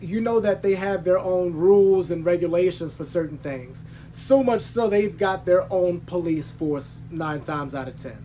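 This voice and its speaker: A man as a truck driver and host, hot under the collar, retelling a story with slang and a faint hum behind. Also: sits high. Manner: heated, emphatic retelling with slangy asides; frequent restarts and self-corrections. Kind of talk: casual storytelling to camera.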